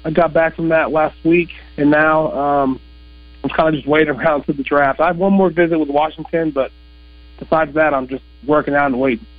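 A young man called in by phone as a football guest, answering in a plain, halting way. His voice sits a bit high and comes through a tinny, dry phone line. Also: steady tone, dry recording. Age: young adult. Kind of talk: phone interview.

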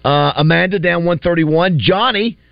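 A man's voice: high-pitched, normal speed, creaky, clear, resonant tone, no room sound. A man hosting a morning radio show in casual, rambling chat, often restarting his sentences. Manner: rambling, restarts, lists names with rising emphasis. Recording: dull dry radio studio sound.

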